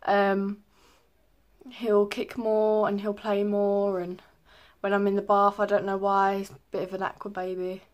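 A woman's voice: mid-range voice, completely flat delivery, measured pace, lo-fi sound. Chatty young woman vlogging. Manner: chatty, lots of ums, rambling. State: a little out of breath. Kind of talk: casual pregnancy update.

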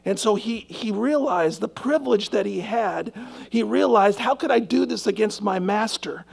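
A man's voice: high voice, normal speed, gravelly, breathy edge. A male pastor preaching a sermon earnestly and emphatically, putting rhetorical questions to his congregation.

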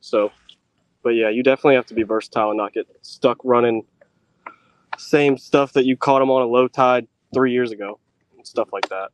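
An American man appears as a guest on a casual podcast, speaking as a tournament angler. His voice is smooth, medium in pitch and steady, and he talks fairly quickly in an easygoing but hesitant way, full of ums and restarts.

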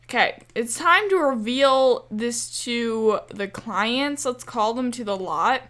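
A woman's voice: fairly high pitch, lively intonation, takes it slowly, hardly any pauses, fairly bright tone. A young woman giving casual, chatty commentary over her gameplay, often exasperated and talking back to the game's characters. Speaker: gaming creator.

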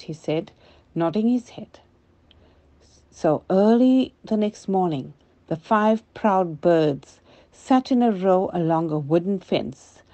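Older woman storyteller; gentle, mellow children's narration on a lo-fi recording. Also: on the low side.

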